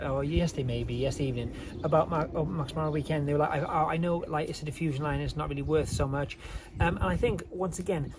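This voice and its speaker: A man's voice: on the high side, darkish tone, a little hiss or hum. A man chatting casually as a co-host in a haul video, joking and bantering. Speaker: reseller vlogger, co-host.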